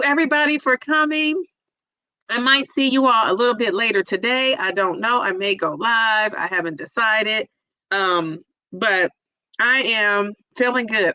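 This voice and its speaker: A woman's voice: mid-range voice, sharp tone, no room sound, dull audio. A middle-aged woman livestreaming, chatting emotionally and tearfully with viewers while reading the chat, with lots of fillers. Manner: emotional, teary, many fillers. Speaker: vlogger reading live chat.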